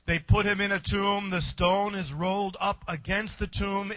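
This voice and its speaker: A man's voice: sits high, fairly even intonation, moderate pace, hardly any pauses, sharp tone, no echo, muffled recording. A man preacher retelling a story vividly, with emphatic, short, punchy phrases. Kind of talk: dramatic sermon storytelling.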